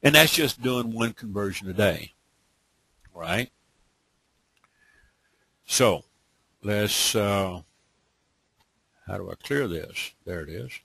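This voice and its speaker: Blunt, emphatic man with a husky voice. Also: fairly low pitch, lively intonation, takes it slowly, pauses often, bright, forceful tone, dry recording. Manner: blunt, emphatic, talks in bursts with frequent "okay?". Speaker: online business trainer. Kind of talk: live webinar training.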